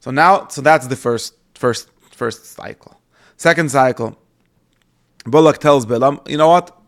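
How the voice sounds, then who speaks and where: Gravelly man teaching scripture. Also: medium pitch, measured pace, a bit bright. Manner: reads Hebrew verses aloud and translates them, with fillers and restarts. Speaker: Bible teacher. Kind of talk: explanatory lesson on scripture.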